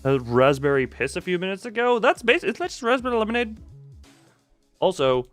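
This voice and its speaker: A man talking casually on a live game stream, his pitch bouncing around as he jokes and riffs off his chat. His voice sits a little high and very animated, recorded close and dry on a desk mic with quiet game music behind him. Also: a little fast, no room sound. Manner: joking, rambling, lively reactions to chat.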